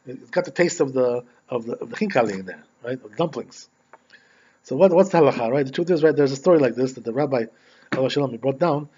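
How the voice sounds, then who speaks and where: A man's medium-pitched, slightly rough voice comes through a dull lo-fi recording. He's a rabbi teaching religious law conversationally, telling stories and often asking "right?" to check in.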